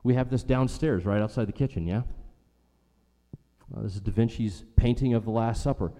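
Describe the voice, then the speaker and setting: A man preaching a sermon, asking his listeners questions and answering them himself, dropping low and soft when he quotes scripture. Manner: slow, asks the audience questions and answers them. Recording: long hall reverb.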